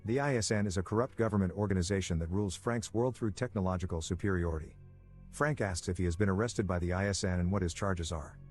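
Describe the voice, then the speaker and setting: Wry low-voiced male recap narrator. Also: quick pace, darkish tone, faint music behind. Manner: dry, wry asides. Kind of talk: scripted movie recap narration.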